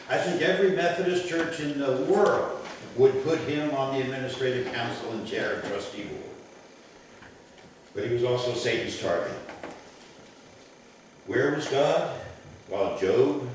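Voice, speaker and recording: A man's voice: medium pitch, slight background noise. Man preaching in an echoey church. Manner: measured, emphatic preaching with rhetorical questions. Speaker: pastor. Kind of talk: sermon. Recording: echoey church from a distant mic.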